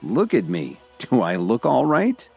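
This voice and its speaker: A man voicing a tired, gently teasing young man in a storybook reading, only lightly set apart from his narration. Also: mid-range voice, huge pitch swings, a little slow, creaky, breathy edge, soft background music, pitched above the performer's own voice, full character voice. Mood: wry.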